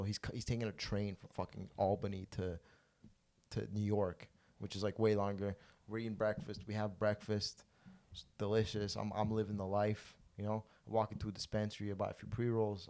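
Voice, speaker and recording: A man's voice: on the low side, flat delivery, brisk, darkish tone. A man from Canada hosting a comedy podcast, telling a rambling, profane story in casual chat with plenty of restarts. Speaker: podcast host.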